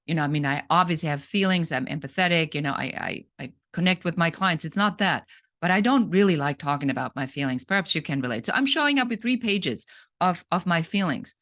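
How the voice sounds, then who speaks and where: A woman's voice: low voice, lively intonation, brisk, a bit bright. Blunt, earnest woman business coach. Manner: earnest and blunt, with frequent restarts. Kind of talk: direct-to-camera sales talk.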